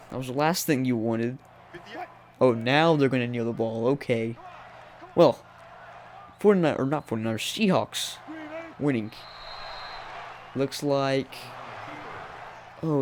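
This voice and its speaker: A young man giving casual play-by-play commentary over a football video game, talking to the teams on screen and jumping high when surprised. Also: a little mellow, slight background noise. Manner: chatty, talks to the teams on screen. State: voice cracking. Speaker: gaming commentator.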